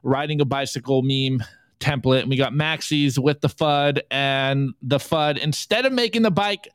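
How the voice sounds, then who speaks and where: A man's voice: mid-range voice, moderate pace, clear, resonant tone, no echo. A man co-hosting a live podcast, running a casual meme review and joking as he reads the memes aloud. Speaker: podcast co-host.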